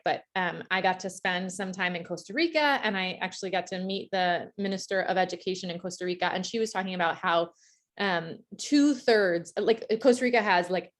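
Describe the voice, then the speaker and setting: A middle-aged woman teacher from the United States presenting a conference workshop, candid and reflective, with frequent fillers and restarts. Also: fairly low pitch.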